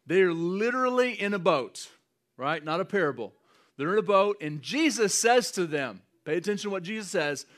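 A man preaching a sermon, animated and often chuckling as he acts out scenes. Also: high voice, normal speed. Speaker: pastor.

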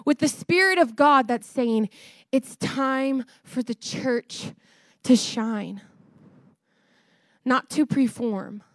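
A woman preaching a sermon to a congregation, passionate and building to near-shouts, laughing between points. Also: high voice, takes it slowly, pauses often, dry recording, studio quality.

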